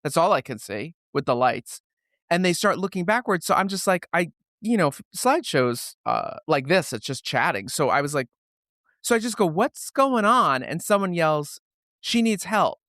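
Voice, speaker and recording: A show host and theatre director chatting with a guest, telling animated anecdotes, acting out quoted voices and swearing casually. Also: mid-range voice, normal speed, dry recording, clean studio sound. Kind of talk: casual interview chat.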